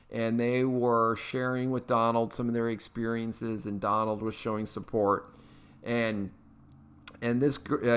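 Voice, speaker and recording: A man's voice: medium pitch, a bit bright, clean tone. A man from Eastern Kentucky with a Kentucky accent, hosting his own podcast in a chatty, folksy, upbeat way with plenty of fillers. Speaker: podcast host. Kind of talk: casual political commentary.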